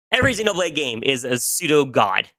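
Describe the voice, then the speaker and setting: A man's voice: fairly high pitch, bright, forceful tone, no room sound. A man guest on a casual podcast, talking emotionally and with many restarts about games he loves. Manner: gushing, emotional, restarts often.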